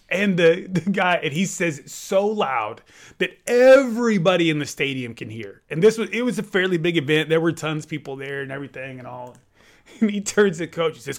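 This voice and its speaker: A man telling a story as a baseball umpire in casual talk, loud and laughing at the punchlines. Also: a little high, animated, brisk.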